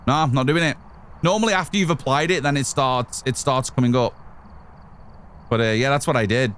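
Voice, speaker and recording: A man's voice: medium pitch, a little fast, fairly bright tone, a little hiss or hum. A man giving chatty live commentary as he plays a game, talking to his chat and to himself. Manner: chatty, talks to chat and to himself while playing. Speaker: streamer.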